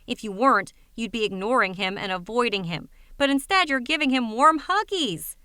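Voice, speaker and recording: A woman's voice: fairly high pitch, pushed and bright, clear, resonant tone, no echo, studio quality. A woman voicing a blunt young woman friend with a brash, sarcastic manner in an audiobook reading.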